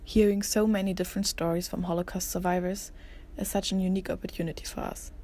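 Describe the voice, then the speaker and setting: A young woman narrating as a museum intern in a soft, earnest read. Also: fairly low pitch, little pitch movement, quick pace. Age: young adult. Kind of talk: scripted narration.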